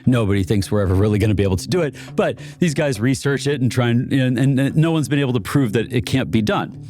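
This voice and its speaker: A man's voice: medium pitch, animated, fast talker, darkish tone, faint music behind. A man being interviewed about inventors, telling stories in a loose, chatty way with frequent laughs and restarts. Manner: chatty, laughs often, many fillers and restarts. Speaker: guest who supports inventors. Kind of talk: casual storytelling chat.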